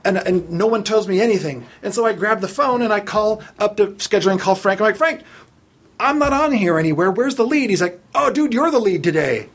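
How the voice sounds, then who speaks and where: A man with a husky, fairly high voice spins a casual story on a podcast. He is animated and lively, slipping into the voices of the people he quotes. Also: a little fast, hardly any pauses. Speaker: podcast guest.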